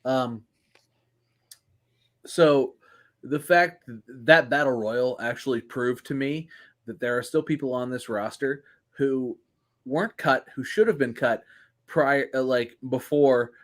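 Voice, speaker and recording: A man's voice: mid-range voice, slow, long pauses. A man co-hosting a casual wrestling podcast, joking and rambling, swearing freely. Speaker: podcast co-host.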